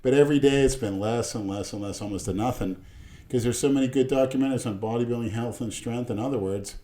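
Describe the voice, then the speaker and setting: A middle-aged man on a casual podcast, speaking in blunt, gruff remarks. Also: mid-range voice, fast talker, dark tone. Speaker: podcast regular. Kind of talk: casual chat.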